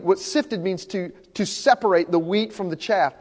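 A man's voice: sits high, lively intonation, normal speed, few pauses, darkish tone. A man preaching a sermon as pastor, earnest and repeating his key points for emphasis. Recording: long hall reverb.

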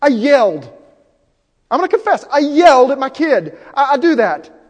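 Male pastor, high voice, impassioned sermon that drops to a hush and then surges; long reverb of a big hall. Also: sing-song, a little fast. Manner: impassioned, swings from hushed to loud.

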